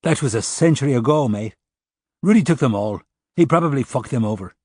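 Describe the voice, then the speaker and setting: A man reading an audiobook voices an agitated, broke Irish ex-rocker who shouts and swears, with an Irish accent. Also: mid-range voice, lively intonation, fairly quick, dry recording, clean studio sound, voice pushed up, natural voice. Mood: bitter.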